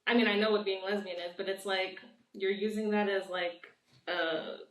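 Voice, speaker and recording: Heard from far off the mic in a roomy space, a young guest artist chats through a casual interview, rambling and saying "like" constantly. She talks at a normal speed in a mid-range voice that is steady and fairly bright.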